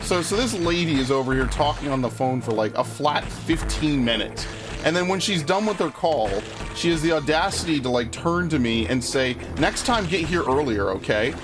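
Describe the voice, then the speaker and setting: Over game music, this young streamer rambles through a story, cursing heavily and growing more excited as he rants. He talks at a normal speed in a voice on the high side, in casual let's-play style.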